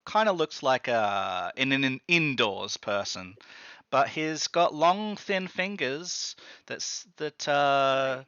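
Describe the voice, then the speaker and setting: A man's voice: medium pitch, expressive, slow, sharp tone, clean tone, dry recording, lo-fi sound. A man narrating a tabletop game as game master, hesitant and full of ums and restarts.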